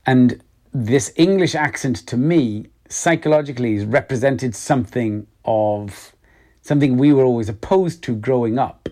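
A man's voice: medium pitch, moderate pace, warm tone. A middle-aged Welsh man, an actor being interviewed, speaking reflectively with frequent hesitations and restarts. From Wales. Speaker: actor guest. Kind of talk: interview conversation.

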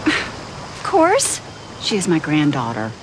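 A woman's voice: low voice, wildly swooping pitch, takes it slowly, background noise, heavily acted. An actress playing a manic, self-involved middle-aged artist mother who talks nonstop in a TV drama scene.

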